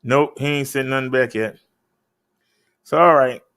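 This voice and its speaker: A man's voice: mid-range voice, a little slow, a bit bright, clear, resonant tone. A man hosting a casual live stream, chatting with viewers in a laid-back, direct way. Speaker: live-stream host reviewing e-bikes.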